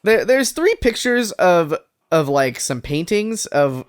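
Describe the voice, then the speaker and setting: A woman's voice: lowish voice, sing-song, takes it slowly, smooth. A woman co-hosting a comedy podcast, reading posts aloud with laughter and swearing in casual chat. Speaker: podcast co-host.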